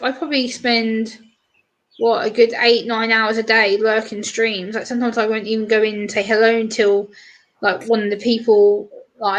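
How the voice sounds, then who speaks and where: Chatty woman, slightly high voice. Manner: chatty, animated retelling with lots of quoted voices. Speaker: streamer guest. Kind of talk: casual chat on a live stream.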